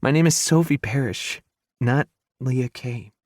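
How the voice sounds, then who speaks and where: A wounded young woman speaks softly through tears, pleading and afraid, voiced by a man reading an audiobook. The sound is close and dry, with no room around it. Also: medium pitch, a little slow, dry recording, voice pushed up, lightly acted. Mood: frightened. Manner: soft, pleading, teary.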